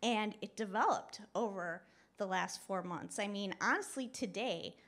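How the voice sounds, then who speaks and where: A woman telling a story on stage at a live show, chatty and animated, laughing often and using lots of "like" and "you know". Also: mid-range voice, measured pace. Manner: laughs often while talking. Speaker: guest speaker. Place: live show at a club venue.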